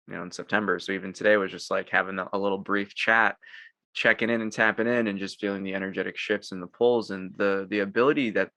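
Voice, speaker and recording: A male podcast host who talks in a casual, reflective way and often pauses to search for words. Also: deep voice, vocal fry, bright, forceful tone, no room sound.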